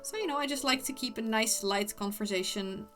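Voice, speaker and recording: Woman, casual stream chat, rambling, slightly high pitch, faint music underneath. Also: a little fast, a bit bright. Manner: rambling, many fillers and restarts, chatty. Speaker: livestreamer.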